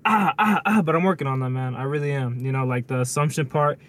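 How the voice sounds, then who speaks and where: A man's voice: mid-range voice, fairly even intonation, fast talker. A man co-hosting a casual podcast chat, talking in laid-back slangy banter full of "bro" and "y'all". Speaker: podcast co-host.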